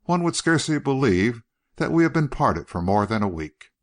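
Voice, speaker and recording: A man's voice: mid-range voice, very animated, normal speed, pitched above the performer's own voice, natural voice. A man voicing an elderly uncle who speaks in a purring, falsely tender way that hides menace.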